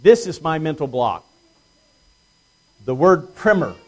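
A man preaching an evening Bible study to his congregation, plainspoken, with dry self-deprecating humor and slow emphasis on key words. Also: a little high, lively intonation. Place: church congregation.

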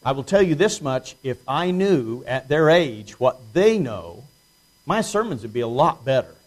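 A man preaching an evening Bible study to his congregation, plainspoken, with dry self-deprecating humor and slow emphasis on key words. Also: mid-range voice, sing-song. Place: church congregation.

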